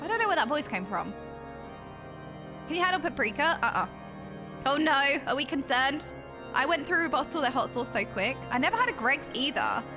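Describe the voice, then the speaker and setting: Woman, young adult, high voice, very lively pitch, giggly, chatty streamer, music behind. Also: normal speed, pauses often. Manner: bubbly, giggly, chatty, reacting to chat. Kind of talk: casual chat with livestream viewers. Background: background music.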